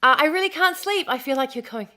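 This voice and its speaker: Chatty Australian woman, slightly hoarse. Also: sits high, quick pace. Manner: chatty, repeats words, greets viewers excitedly. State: slightly hoarse, recovering from lost voice. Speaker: live streamer. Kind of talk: casual live stream chat.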